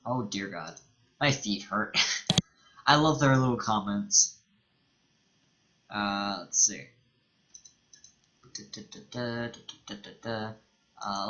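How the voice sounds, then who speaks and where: A man's voice: medium pitch, sharp tone, muffled recording. A young man hosting a let's play, reading the game's dialogue aloud and joking casually between lines. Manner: casual, joking, reads in-game text aloud.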